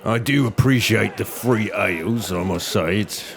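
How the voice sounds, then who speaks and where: Gravelly man playing a tabletop game. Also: lowish voice, unhurried, crowd noise. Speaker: player. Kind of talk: in-character tabletop play.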